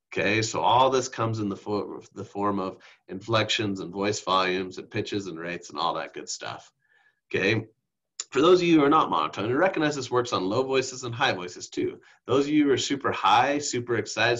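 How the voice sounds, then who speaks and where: A man teaching a lesson on speech delivery over slides, who calls his own voice monotone and keeps checking in with "okay?". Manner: self-described monotone, drops into deep exaggerated demos; frequent "okay?" check-ins. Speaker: instructor. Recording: dull lo-fi recording.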